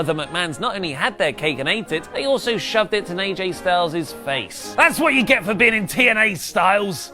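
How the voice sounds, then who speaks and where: A man's voice: high voice, bright, forceful tone. A man narrating a scripted wrestling recap in a wry, mocking manner.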